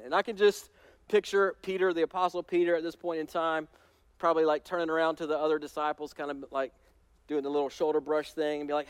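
A man pastor preaching a sermon in a conversational, animated storytelling way with touches of humor. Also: sits high, a little fast, clean tone, dry recording.

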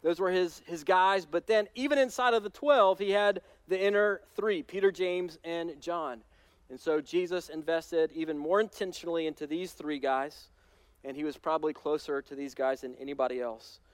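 With a slightly high voice and a moderate pace, this pastor delivers his sermon as animated, conversational storytelling with touches of humor. The audio has no echo.

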